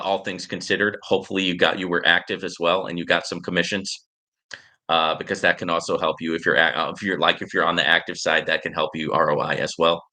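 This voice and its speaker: Man, livestream host, casual chat, rambling, very bright sharp voice. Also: sits low. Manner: rambling, many fillers and "right?" tags. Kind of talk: casual chat answering viewer comments.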